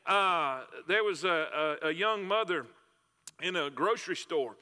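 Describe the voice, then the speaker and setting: Bright-toned pastor preaching. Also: male voice, a little high, lively intonation, a little slow, clear, resonant tone. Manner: folksy storytelling with repetitions and fillers. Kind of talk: sermon. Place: church sanctuary. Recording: long hall reverb.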